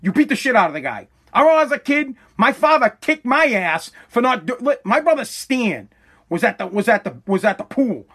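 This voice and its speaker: Man from Massachusetts, podcast host, high-pitched, ranting, profane, fiery monologue. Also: sing-song, brisk, fairly bright tone, slightly rough.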